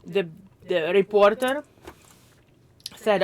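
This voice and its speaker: A woman's voice: mid-range voice, measured pace, fairly bright tone. A woman with a mid-range voice who co-hosts a casual podcast. She recaps a plot plainly and matter-of-factly. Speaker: podcast co-host. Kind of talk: casual chat.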